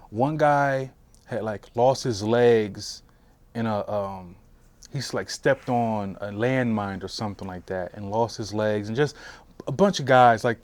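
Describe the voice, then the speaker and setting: A man of middle pitch tells his own war story in an oral history interview. He speaks conversationally, full of "um"s and restarts. The sound is close and dry. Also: darkish tone, dry recording. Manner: conversational, many fillers and restarts. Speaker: military veteran interviewee. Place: interview room at a history center.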